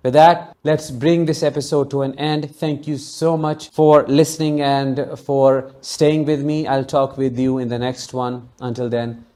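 A man's voice: medium pitch, flat delivery, a little slow, few pauses. A man hosting a solo podcast, telling a personal story in an earnest, emotionally charged way and speaking consolingly to his listeners. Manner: warm, consoling sign-off to listeners. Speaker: podcast host.

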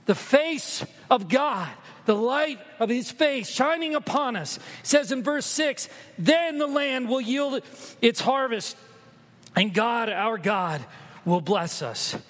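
Male pastor, high voice, sermon swinging from quiet story to loud exhortation, reverberant room. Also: lively intonation, takes it slowly. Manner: swings from hushed storytelling to loud, emphatic preaching.

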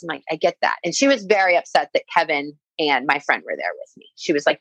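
A young woman recounts a personal story in casual conversation, her voice a little low and recorded dry and close. She leans on "like" constantly and acts out what people said to her. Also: expressive, fast talker, hardly any pauses, fairly bright tone, no echo, rough recording. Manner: frequent "like" fillers, quoting herself and others. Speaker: guest telling a personal story.

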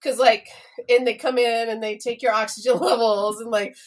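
A woman's voice: on the high side, level tone, moderate pace. A woman co-hosting a podcast, telling a story in casual chat, laughing often, swearing freely and acting out the dialogue. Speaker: podcast co-host.

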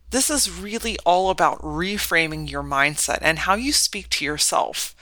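Woman podcast host, bright and dry, motivational monologue with rhetorical questions. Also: fairly low pitch, lively intonation, moderate pace, few pauses, dry recording.

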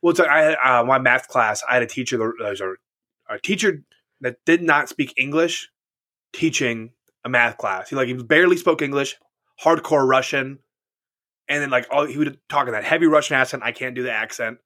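A man with a bright, edgy mid-range voice chats casually and profanely. He rambles through anecdotes and trips over restarts as he goes. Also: medium pitch, a little fast. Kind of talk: casual chat.

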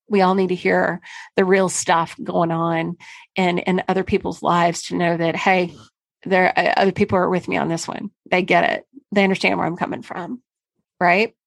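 A woman's voice: fairly low pitch, vocal fry, dry recording. A middle-aged woman hosting a casual solo podcast, talking candidly and emphatically, with mild swearing. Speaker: podcast host and marketing consultant.

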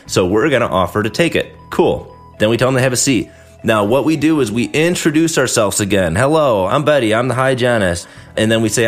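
A man with a fairly low voice talks shop with other dentists in a loose, conversational way. He gets animated and slips into quick impressions of patients and staff to make his points. Faint music plays quietly underneath. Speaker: podcast host, dentist. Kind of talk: casual instructional talk.

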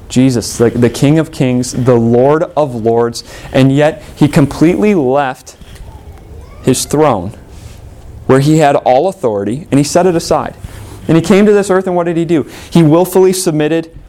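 A male pastor delivering a sermon in an earnest, medium-pitched voice. He climbs higher and louder on points he stresses, then sinks low and quiet for solemn quoted prayers. Steady, conversational preaching pace. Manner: earnest, rising emphatically and dropping soft for quoted prayers.

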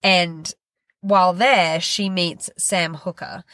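A woman co-hosts a book podcast, her voice sitting on the low side and recorded dry and close. She chats casually, tossing in quick self-deprecating asides. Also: fairly even intonation, fairly bright tone, no echo. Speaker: podcast co-host. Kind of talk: casual book-review chat.

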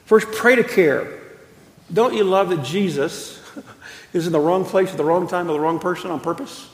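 A pastor in his fifties preaching a sermon, telling stories emphatically with slow, drawn-out pauses. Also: high voice. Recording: echoey church hall.

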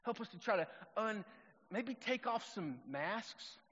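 A middle-aged man, preaching a sermon in a relaxed, conversational storytelling way. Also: sits high, unhurried, slightly rough. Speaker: pastor. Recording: long reverb, dull lo-fi sound.

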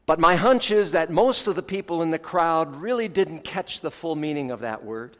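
A man preaching a sermon in a measured way, his phrases swelling with emphasis and then falling away at the ends. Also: fairly high pitch, animated, long reverb tail. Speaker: pastor.

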